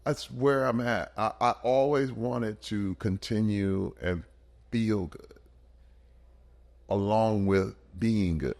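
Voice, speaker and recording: Gravelly, emphatic man in his fifties. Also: fairly low pitch, slow. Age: 50s. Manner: emphatic, animated storyteller. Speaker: podcast guest. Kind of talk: casual podcast conversation.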